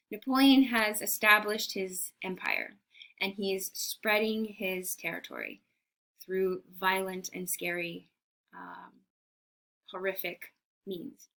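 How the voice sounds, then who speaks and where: Woman teacher, eager lecture style, asks the class questions, slow pace, bright voice. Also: medium pitch. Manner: enthusiastic, rhetorical questions to the class. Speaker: art history teacher.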